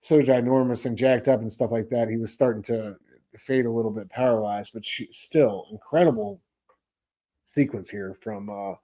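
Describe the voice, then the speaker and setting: A man's voice: medium pitch, moderate pace, mellow. A man co-hosting a casual comic book podcast, laid-back, saying "dude" and "man" a lot and filling gaps with "um" and "uh.". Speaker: podcast co-host.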